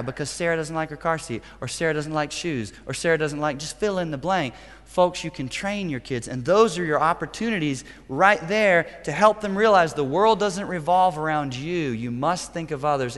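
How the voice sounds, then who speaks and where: Middle-aged male pastor, emphatic sermon delivery, a bit high-pitched, long church reverb. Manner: emphatic, punchy preaching with sudden loud outbursts.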